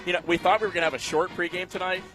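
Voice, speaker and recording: A man calling a high school football broadcast, easygoing and rambling, laughing often. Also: flat delivery, rapid-fire, over music. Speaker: play-by-play announcer.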